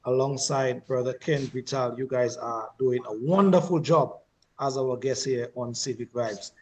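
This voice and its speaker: A man's voice: medium pitch, unhurried. Courteous male radio host. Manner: calm, courteous, thanking guests. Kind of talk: radio talk show hosting.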